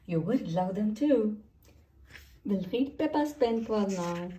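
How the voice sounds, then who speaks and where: A woman reads a children's storybook aloud in a slow, clear, friendly way. Her voice is mellow and dark rather than bright. The microphone sits some distance from her. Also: mid-range voice, big pitch swings, a little hiss or hum. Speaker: storybook reader.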